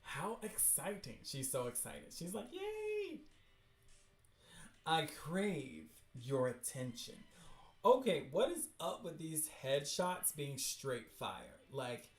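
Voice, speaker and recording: An excitable man hosts a livestream reading of webcomics and chats through his reactions. His delivery is unhurried, and his voice has a roomy echo. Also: a little high. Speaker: host.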